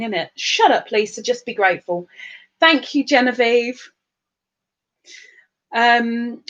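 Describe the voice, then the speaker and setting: Slow-talking woman with a sore throat. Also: a little high. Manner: chatty, self-mocking, reads out comments. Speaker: livestream host reading viewer comments. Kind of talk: casual chat.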